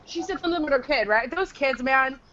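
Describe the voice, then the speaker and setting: A woman's voice: high voice, animated, a little fast, muffled recording, crowd noise. A woman co-hosting a casual podcast chat, teasing and crude, laughing often. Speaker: podcast co-host.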